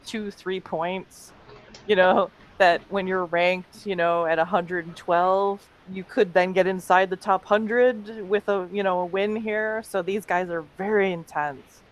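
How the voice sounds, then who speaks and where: A woman's voice: fairly low pitch, steady tone, a little slow. A woman co-hosting a comedic webcast, telling chatty anecdotes and laughing often. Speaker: co-host. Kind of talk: casual comedic chat.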